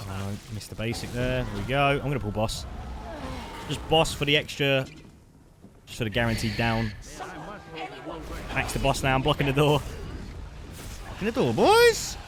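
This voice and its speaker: A man giving live commentary over his gameplay, chatty and excitable, calling the listener mate. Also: mid-range voice, moderate pace, pauses often. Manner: excitable, bursts into loud shouts at big plays. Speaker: gaming streamer. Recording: noisy background.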